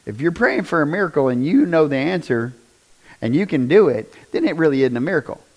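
A man preaching a conversational sermon, often asking the congregation questions and rising to loud, emphatic bursts. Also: fairly high pitch, very animated, brisk. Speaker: pastor.

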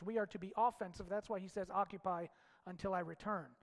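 A man preaching a sermon with passion, swinging from loud shouts to hushed low lines. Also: fairly even intonation, quick pace, in a large hall.

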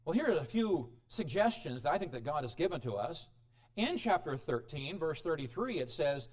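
A man preaching a sermon as pastor, animated, swinging between loud exclamations and quiet asides. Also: a little high, moderate pace. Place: church.

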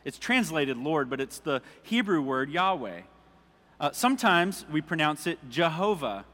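Informal pastor in an echoing church. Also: male voice, on the high side, big pitch swings, measured pace, a bit bright. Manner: informal, asks the congregation questions, jokes. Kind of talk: conversational sermon with scripture reading.

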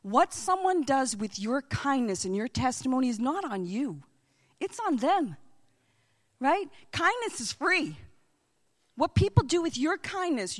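A middle-aged woman sharing a faith testimony in a chatty, earnest storytelling style. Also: sits high. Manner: chatty, acts out quoted voices in dialogue. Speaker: Christian speaker.

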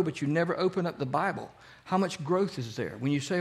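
A man teaching a casual Bible study, quizzing the group with fill-in-the-blank questions and talking faster when he gets excited. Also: fairly high pitch, vocal fry.

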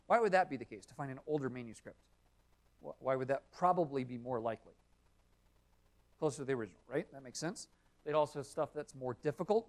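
A man teaching a Sunday school class in a conversational lecture, often asking the room questions. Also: medium pitch.

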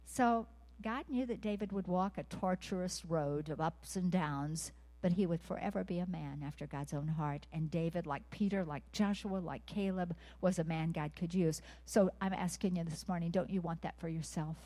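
Earnest woman preaching, mellow low voice. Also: normal speed. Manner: earnest, pleading questions to the audience. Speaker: speaker at a women's gathering. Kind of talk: sermon with call and response.

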